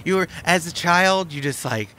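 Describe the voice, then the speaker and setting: A man's voice: on the high side, moderate pace, sharp tone. A man voicing a spiteful, proud, bookish villain who taunts and boasts bitterly. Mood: bitter, boastful.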